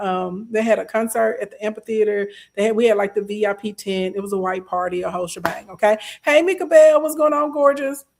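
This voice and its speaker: A young adult woman, casually telling a story to her live stream chat, sassy and animated. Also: mid-range voice, gravelly. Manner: animated, sassy, acts out quoted voices.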